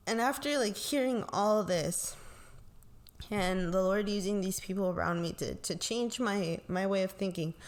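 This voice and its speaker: A young woman with a calm, soothing voice, sharing a personal faith testimony slowly and reflectively, often adding "like" and "right?". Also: medium pitch. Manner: slow, reflective, tags lines with "like" and "right?". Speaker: pastor's kid and co-host.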